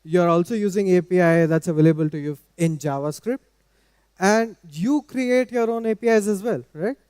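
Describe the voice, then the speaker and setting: A man giving a technical talk at a conference in a measured, explanatory way. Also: sits high, darkish tone, smooth, dry recording, studio quality, in a large hall. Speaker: conference speaker. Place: large conference hall.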